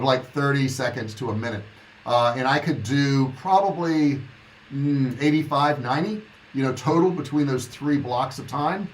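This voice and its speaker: A man in his sixties who works as an online business coach talks casually and bluntly on a livestream, motivating viewers and reading their comments aloud. His voice is medium-pitched, with slight background noise and poor audio.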